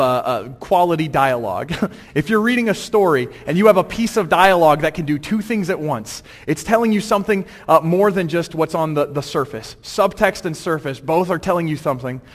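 Man preaching, joking and lively, acts out scripture, high voice, echoey hall. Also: moderate pace. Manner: humorous, acts out quotes, animated. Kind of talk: sermon.

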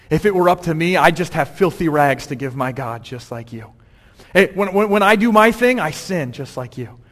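A preacher acting as an earnest, humble apostle. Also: male voice, on the high side, a bit bright. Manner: pleading, repeating each phrase. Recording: long hall reverb.

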